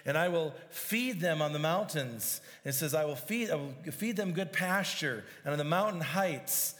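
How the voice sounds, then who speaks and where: A man's voice: on the high side, expressive, moderate pace, a bit bright. A man preaching a sermon, reading scripture aloud and explaining it verse by verse with emphasis. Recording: long hall reverb.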